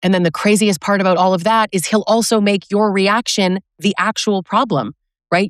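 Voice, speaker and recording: A woman's voice: mid-range voice, moderate pace, dry recording, clean studio sound. A woman relationship coach giving blunt, sarcastic advice, acting out quoted lines as she talks. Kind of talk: direct-to-camera advice talk.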